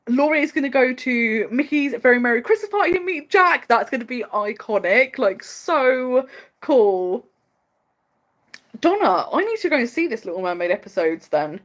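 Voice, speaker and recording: A woman hosting a casual livestream chat, opinionated and quick to laugh, talking in a chatty, fast-flowing way full of "like" fillers. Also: fairly high pitch. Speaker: livestream host.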